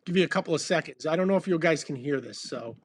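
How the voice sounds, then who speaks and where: A man's voice: a little high, expressive, fast, slightly rough. A man in his fifties hosting a casual livestream chat, rambling and laid-back with many ums while sipping bourbon. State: drinking bourbon while talking. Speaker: band member hosting a livestream.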